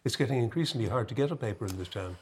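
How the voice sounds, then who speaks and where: A man's voice: medium pitch, lively intonation, rapid-fire, slightly rough. Wry man on a panel. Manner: wry, conversational.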